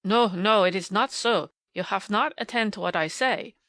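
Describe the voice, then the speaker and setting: A woman's voice: big pitch swings, moderate pace, no echo. A woman reading an audiobook, voicing a kindly, stout, middle-aged German male professor with a big, emphatic voice. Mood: exasperated. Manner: loud, emphatic, big booming delivery.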